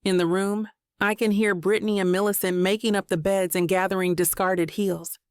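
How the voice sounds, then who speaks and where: A woman narrating a first-person romance audiobook in a measured, even way. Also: medium pitch, clear, resonant tone, dry recording, clean studio sound.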